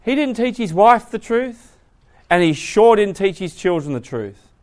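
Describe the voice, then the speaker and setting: A man preaching a sermon, retelling a story with lively voices and asking the audience questions. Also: high voice, unhurried.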